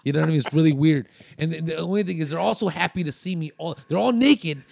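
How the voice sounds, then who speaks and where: A man's voice: fairly high pitch, quick pace, vocal fry, a little mellow, no room sound. A man telling a long story in casual chat, rambling with fillers and restarts.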